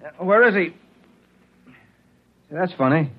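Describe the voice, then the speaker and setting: An actor playing a brisk, matter-of-fact army colonel and father in a 1940s radio drama, a little off-mic on a lo-fi recording. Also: high voice, animated.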